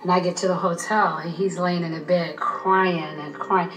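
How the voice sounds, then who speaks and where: Woman w/ lowish voice tellin it earnest, echoey room, faint music behind. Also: steady tone, moderate pace. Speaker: interviewee, speaker's mother. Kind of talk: documentary interview.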